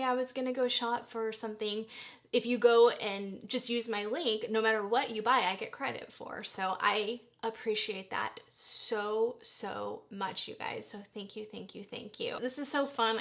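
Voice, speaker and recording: A middle-aged woman chatting casually to her viewers as a beauty vlogger, bubbly and gushing. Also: on the high side. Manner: bubbly, gushing, lots of "you guys". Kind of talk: chatty makeup tutorial talk.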